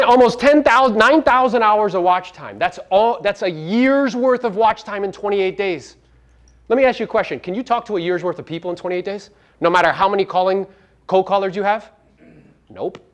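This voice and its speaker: A man coaching a live audience at a seminar, brash and profane, firing rhetorical questions at the room and swinging between loud punches and low asides. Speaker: real estate coach and podcast host.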